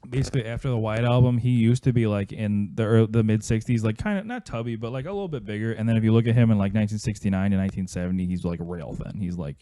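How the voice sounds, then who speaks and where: Man, podcast guest, casual rambling talk, swears freely, deep-ish, very mellow tone. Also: fast, few pauses, no room sound. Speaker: podcast guest, guitar player. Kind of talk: casual chat.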